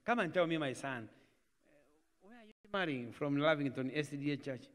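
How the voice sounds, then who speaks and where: Kenyan preacher in an echoing church. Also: male voice, fairly high pitch, animated, moderate pace, fairly bright tone. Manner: mixes Swahili into English, acts out family dialogues. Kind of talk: sermon. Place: church hall. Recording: church live stream with long reverb.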